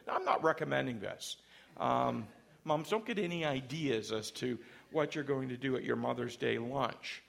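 A man's voice: a little high, very animated, moderate pace, vocal fry, fairly bright tone. A man preaching a sermon in church, conversational and self-deprecating, with light humor between points. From Canada.

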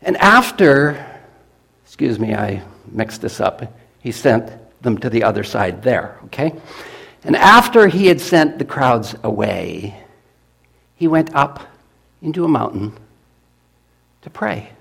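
A man preaching to his congregation, telling a story in a folksy, animated manner. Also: medium pitch, a little slow, gravelly, pauses often, slightly rough. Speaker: pastor. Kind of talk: storytelling sermon.

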